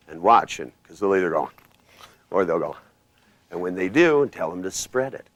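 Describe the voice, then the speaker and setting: A low-pitched man teaches a live hypnosis workshop in an emphatic, commanding way, pushing his voice up and down to show how commands should sound. His delivery is blunt and casual, with the odd swear word. The sound is close and dry. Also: lively intonation, normal speed, pauses often, no room sound. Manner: emphatic, commanding, swings pitch and loudness to demonstrate. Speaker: hypnosis trainer.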